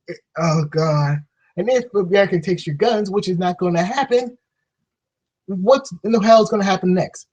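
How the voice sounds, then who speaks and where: Sarcastic ranting man, husky and lo-fi. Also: a little high, darkish tone. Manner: profane, sarcastic, exasperated. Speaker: vlogger. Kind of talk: ranting monologue. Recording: dull lo-fi recording.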